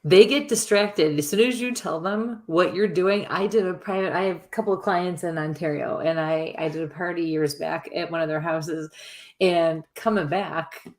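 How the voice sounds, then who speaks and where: A woman's voice: lowish voice, normal speed, a little mellow. A woman hosting a podcast, chatting casually and laughing often as she tells a story. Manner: laughs often while telling stories. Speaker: host.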